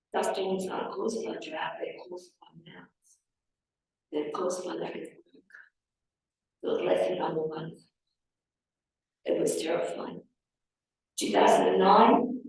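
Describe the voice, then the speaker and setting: A woman's voice: on the low side, creaky, a little mellow. Woman, storytelling talk, distant mic, very echoey hall. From Australia. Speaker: panel speaker. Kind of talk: personal talk at a public forum. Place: large hall with audience.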